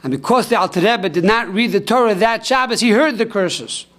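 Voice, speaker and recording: A rabbi delivers a sermon. He tells a story at a storyteller's pace, rising to ringing cries and slowing down for the solemn lines. He sounds middle-aged. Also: high-pitched, a bit bright. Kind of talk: sermon on the weekly Torah portion.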